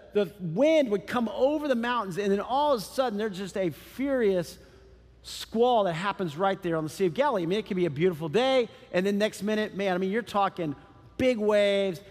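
A middle-aged man preaching a sermon as pastor, animated and conversational with casual asides. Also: high voice. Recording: church hall with long reverb.

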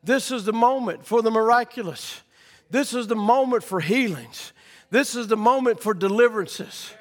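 A man preaching a sermon, rising from quiet storytelling to fervent shouting. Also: very high-pitched, moderate pace, in a large hall.

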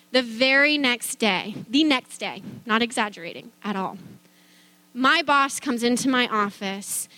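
A woman's voice: a little high, bright, forceful tone. A middle-aged woman telling a personal faith testimony in a chatty way, with many fillers, restarts and easy laughter. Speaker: speaker sharing a faith testimony.

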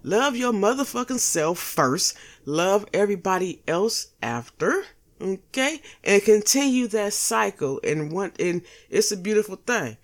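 A woman hosting a casual solo podcast, blunt and profane, joking with slang and laughing at her own lines. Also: medium pitch. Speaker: podcast host.

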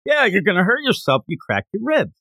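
A man putting on an earnest young man scolding his rivals in a strained, raised voice. The pitch leaps well above the man's own talk. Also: huge pitch swings, fairly quick, sharp tone, no room sound, studio quality, full character voice. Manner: high, exasperated scolding.

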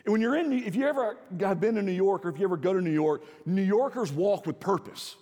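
Southern pastor preaching in a reverberant hall. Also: male voice, expressive, fast talker. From South Carolina. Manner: preaching with swings from soft low to loud emphatic. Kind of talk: sermon. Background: audience laughter.

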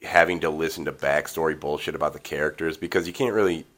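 A man's voice: very deep voice, fairly even intonation, fast talker, fairly bright tone. A man co-hosting a podcast in casual chat, rambling with frequent laughs and casual swearing. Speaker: podcast co-host.

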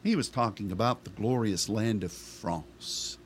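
A man's voice: fairly low pitch, a little slow, few pauses, slight background noise. A middle-aged male pastor preaching a sermon in a conversational style, asking rhetorical questions of the congregation.

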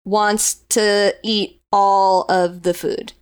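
A woman co-hosting a podcast in casual chat, enthusiastic and quick to laugh. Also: mid-range voice, level tone, clean tone. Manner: enthusiastic, laughs often, chatty with many restarts. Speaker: podcast co-host.

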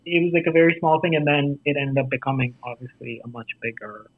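A man with an American accent, an actor telling stories about his career in a casual interview, animated and acting out quoted voices. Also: mid-range voice, fast talker. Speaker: actor and festival jury guest. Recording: tinny phone-like line.

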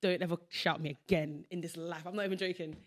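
A young woman hosting a podcast, chatting casually and animatedly, acting out quotes in a higher voice. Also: steady tone, quick pace. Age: young adult. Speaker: podcast host. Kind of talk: casual chat.

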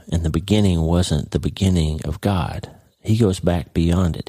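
Deep, earnest male Bible teacher. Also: warm tone, dry recording. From Oklahoma, United States. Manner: earnest, slows down on key phrases. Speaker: podcast host and Bible teacher. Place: ranch.

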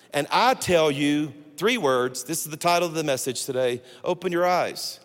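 Sermon casting: man, 60s, fairly high voice, funny animated preacher, long church reverb. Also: a little fast, hardly any pauses. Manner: animated storytelling with humor. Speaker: guest pastor. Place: church sanctuary.

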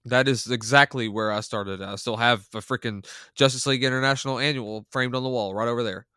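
A man's voice: medium pitch, fairly even intonation, a little fast, sharp tone, smooth, no echo, studio quality. A man co-hosting a podcast, chatting enthusiastically and rambling with restarts. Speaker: podcast co-host. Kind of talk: casual podcast chat.

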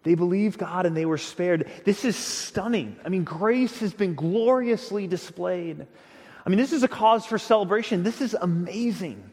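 A man preaching a sermon as a pastor, telling the story with emphatic, expressive delivery and frequent stammered restarts. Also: high voice, normal speed. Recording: long hall reverb.

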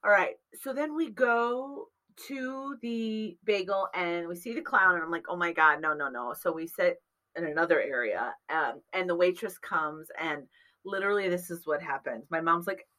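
A woman's voice: lowish voice, moderate pace, low-quality recording. A woman in casual chat, animatedly telling a long personal story and acting out the voices of the people in it. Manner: animated, acts out quoted voices, laughs through lines.

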